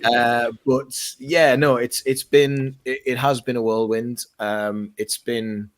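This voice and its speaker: Male radio presenter, guest on a fan podcast, lively anecdotes. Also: mid-range voice, takes it slowly. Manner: animated storyteller, mimics voices in anecdotes. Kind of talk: casual podcast chat.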